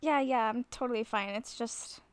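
Flustered woman in an audio role-play, nervous and self-conscious, with a fairly high voice and a dry, close sound. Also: moderate pace, smooth, dry recording. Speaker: nervous woman talking to a friend on the phone.

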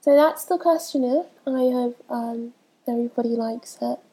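A woman's voice: on the high side, moderate pace, mellow, slightly rough, poor audio. A young woman with a stuffy, congested voice from a cold, chatting casually and hesitantly as she answers a questionnaire. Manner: hesitant, many ums, laughs between answers. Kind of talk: casual chat.

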